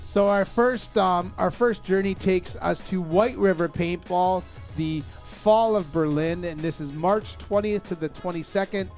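A man's voice: high-pitched, unhurried, hardly any pauses, a little mellow, faint music behind. A man co-hosting a casual podcast, reading out event listings and stumbling over names and dates. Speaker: podcast co-host.

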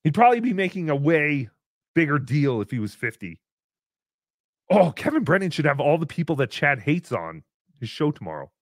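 A man hosting a casual livestream, reading paid chat messages aloud in a mocking tone, swinging between shouts and mutters. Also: fairly high pitch, big pitch swings, moderate pace, no room sound, studio quality.

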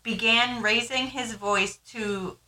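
A woman co-host reads listener letters aloud in a bright voice, stumbling now and then. Between readings she rambles casually with lots of fillers. The room around her is echoey. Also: on the high side, steady tone, slow. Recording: roomy echo.

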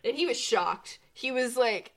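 A woman's voice: a little high, animated, a little slow. A young woman co-hosting a podcast, telling a story in casual chat with lots of "like" and frequent laughter. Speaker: podcast co-host.

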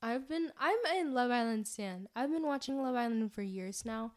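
A woman's voice: a little high, expressive, normal speed. A young woman co-hosting a podcast, chatting casually and bubbly, with lots of fillers and laughs. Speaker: podcast co-host. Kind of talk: casual chat.

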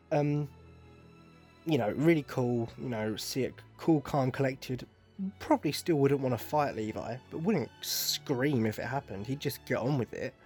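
A man's voice: mid-range voice, a little mellow. A man ranting casually as an anime reviewer, exasperated and full of swearing. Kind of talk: casual video commentary.

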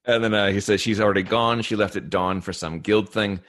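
A young American man with a fairly low voice chats casually on a podcast. He drifts between recapping an episode and his own stories, talking laid-back and easygoing. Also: fairly even intonation, a little fast, a bit bright. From United States. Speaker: podcast co-host.

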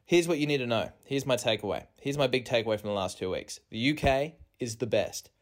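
A man talking solo into a phone in a rented flat, spinning out a meandering comic monologue at a mid-range pitch. He keeps mocking himself and his voice leaps suddenly upward on asides. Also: a little fast. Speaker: podcast host. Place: rented apartment. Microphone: phone recording.

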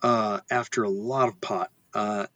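A man's voice: lowish voice, fairly even intonation, measured pace, fairly bright tone, no echo. A man who is a guest on a casual podcast, rambling in a laid-back way. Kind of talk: casual storytelling interview.

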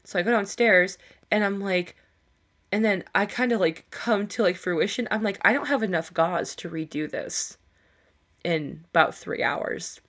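A woman's voice: medium pitch, measured pace, a bit bright. A woman co-hosting a podcast, telling a story in casual chat, swearing freely and laughing as she goes. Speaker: podcast co-host.

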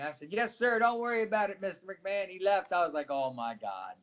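Middle-aged guy spinning wrestling stories, kinda high voice, does all the voices, super animated. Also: brisk, background noise. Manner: animated, acts out other people's voices in his stories. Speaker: guest, former wrestler. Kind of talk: casual storytelling interview.

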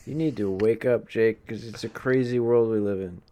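A man's voice: on the low side, moderate pace, warm tone. A man co-hosting a podcast, sarcastic and teasing in casual banter. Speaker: podcast co-host.

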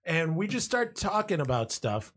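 A man casually telling a funny personal story to friends, animated and swearing, often laughing as he talks. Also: a little high, moderate pace, a little hiss or hum. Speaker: podcast co-host telling a story.

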